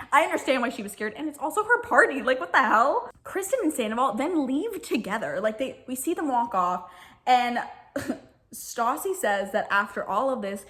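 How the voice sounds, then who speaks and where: A woman's voice: medium pitch, a bit bright. A woman vlogger retelling reality TV drama in a casual, gossipy way, full of "like" and quoted voices. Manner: chatty, gossipy, lots of "like", quick quoted voices. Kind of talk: casual recap storytelling.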